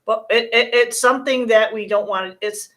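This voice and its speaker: A woman's voice: a little high, steady tone, moderate pace, fairly bright tone. A woman hosting a live show, giving a casual spiritual card reading in an earnest, reassuring way, often restarting her sentences.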